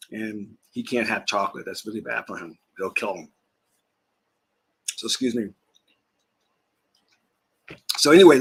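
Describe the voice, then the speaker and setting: In a casual vlog chat on his own channel, a male spiritual teacher talks in a husky, medium-pitched voice. His talk wanders loosely, punctuated by laughter and the occasional bite of food.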